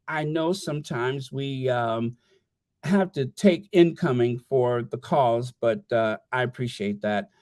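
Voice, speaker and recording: Slow chatty livestream host, stammers a lot, mid pitch, dry close sound. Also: darkish tone, dry recording. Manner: rambling, stammering, reading viewer messages aloud. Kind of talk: casual livestream chat.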